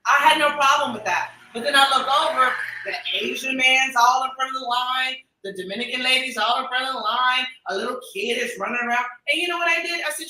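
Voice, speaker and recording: Bright-voiced American woman telling a story. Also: sits high, fast, hardly any pauses, distant mic. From United States. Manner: animated, acts out dialogue in quoted voices. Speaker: expat podcast guest. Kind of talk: casual storytelling chat. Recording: echoey room, a little off-mic.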